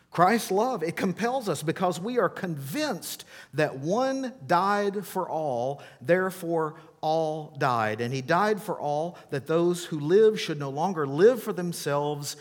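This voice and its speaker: A middle-aged pastor delivers a sermon with an emphatic, animated manner and playful asides. His voice sits at an ordinary middle pitch for a man. The sound carries the long reverb of a large church hall.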